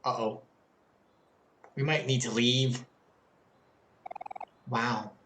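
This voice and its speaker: A woman's voice: rumbling low, steady tone, extremely slow, a bit bright, roomy sound, slight background noise. A young adult woman streaming a game playthrough, reacting expressively and reading dialogue aloud.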